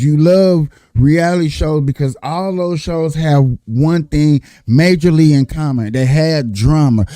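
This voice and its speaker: A man's voice: fairly high pitch, mellow, no room sound. A man talking in a profane, emphatic casual monologue, repeating his points in heavy slang. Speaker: streamer and political commentator.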